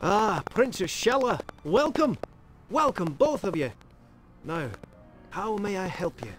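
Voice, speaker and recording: A fussy Scottish-tinged herbalist. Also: male voice, sits high, sing-song, takes it slowly, fairly bright tone, faint music behind, exaggerated voice, low-quality recording. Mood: earnest. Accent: stage Scottish. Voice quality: broad put-on brogue. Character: kindly fussy male village herbalist.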